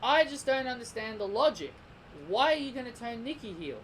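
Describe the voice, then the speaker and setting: A man's voice: very high-pitched, very animated, a little fast, fairly bright tone, slight background noise, poor audio. A young man giving a heated, opinionated commentary rant as a vlogger, repeating himself and restarting sentences. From Australia. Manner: heated, repetitive, stumbling restarts. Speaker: wrestling vlogger.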